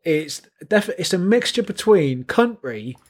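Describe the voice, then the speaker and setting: Husky, halting young-sounding man. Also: sits high, sing-song. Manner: halting, repeats words when starting. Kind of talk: casual chat about accents.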